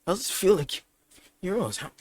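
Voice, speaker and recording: Man doing a starstruck teen boy, high squeaky gushing voice, eager. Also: very animated, quick pace, darkish tone, husky, exaggerated voice. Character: excited teenage boy gushing fanboy.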